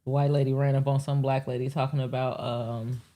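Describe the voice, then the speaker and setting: Low-voiced woman riffing casually on a live show. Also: a little fast. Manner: rambling, profane, animated asides with acted quotes. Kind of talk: casual live-stream monologue.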